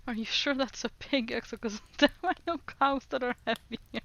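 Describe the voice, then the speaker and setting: A woman streamer chatting casually with her viewers as she practices French, repeating phrases slowly, giggling and greeting chat brightly. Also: fairly high pitch, creaky, no room sound, dull audio.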